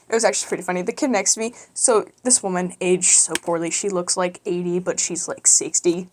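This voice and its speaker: Animated young woman telling school stories. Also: mid-range voice, slight background noise. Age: teens. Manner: animated, acts out people in her stories; quick, rambling with many fillers. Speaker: YouTuber. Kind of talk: casual storytelling.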